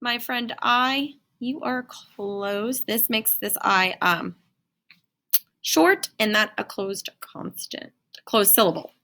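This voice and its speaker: Bright-voiced singsong phonics teacher woman. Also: fairly high pitch, slow pace. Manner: singsong, encouraging, talks to young learners. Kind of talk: phonics lesson for children.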